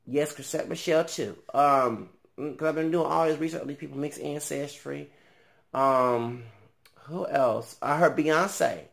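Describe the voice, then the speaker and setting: A man vlogging in a casual, rambling monologue. He thinks aloud with many ums, trails off, then bursts out louder. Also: on the high side, unhurried, vocal fry.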